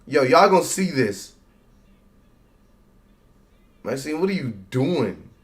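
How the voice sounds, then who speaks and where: A man giving casual live reaction commentary on a wrestling show, loud and excitable, slangy and profane, yelling at the screen. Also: fairly high pitch, takes it slowly.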